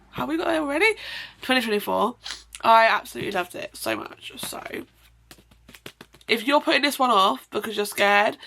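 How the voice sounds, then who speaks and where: A woman's voice: medium pitch, gravelly, sharp tone. A young woman chatting at home about the books she read, effusive and rambling, often breaking off to apologise. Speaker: book vlogger. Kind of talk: casual chatty book review.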